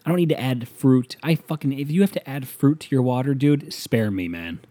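A man's voice: mid-range voice, a little fast, warm tone. A man delivering a profane, sarcastic comedic rant as a solo monologue.

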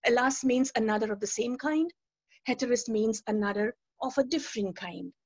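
Husky-voiced woman preaching earnestly. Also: a little high, normal speed, darkish tone, no echo. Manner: earnest, emphatic, repeats key phrases. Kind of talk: testimony and teaching talk. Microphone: video call. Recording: dull lo-fi webinar audio.

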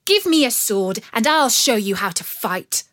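A woman's voice: on the high side, lively intonation, measured pace, dry recording, clean studio sound. A woman doing a fiery young lady. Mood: defiant. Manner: defiant, forceful.

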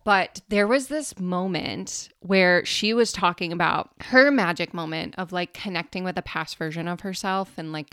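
A woman's voice: fairly low pitch, fairly bright tone, clean tone, dry recording, clean studio sound. A woman co-hosting a podcast as an energy healer, telling stories in casual chat with lots of filler words. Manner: chatty, filler-heavy storytelling.

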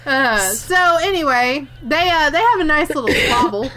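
A woman's voice: sits high, pushed and bright. A woman co-hosting a casual chat, retelling a film and acting out its characters' lines with laughs. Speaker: podcast co-host.

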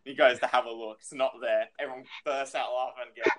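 A man's voice: mid-range voice, steady tone, quick pace, a bit bright. A man telling a rambling story in casual chat, swearing freely and filling with "you know".

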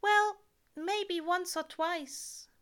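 A woman voicing an anxious, fussy male angel in a high, breathless way. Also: drawn-out words, fairly bright tone, exaggerated voice. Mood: wistful.

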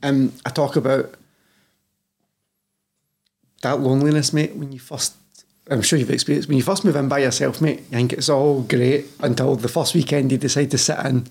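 A man's voice: mid-range voice, fairly even intonation, moderate pace, creaky, pauses often, a little mellow, slightly rough. A Scottish man in his thirties, a personal trainer talking candidly as a podcast guest, swearing freely and calling the host "mate" constantly. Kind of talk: casual podcast chat.

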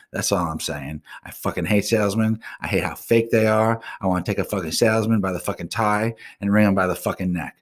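A man hosting his own live stream show, ranting bluntly and swearing constantly, with casual slang. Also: sits low. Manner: casual slang, drawn-out asides. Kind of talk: profane solo rant.

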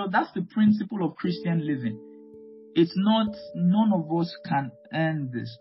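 A man preaching a Bible teaching sermon, emphatic and repeating key phrases, often calling out amen. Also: fairly high pitch. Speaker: pastor. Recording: muffled lo-fi with guitar music.

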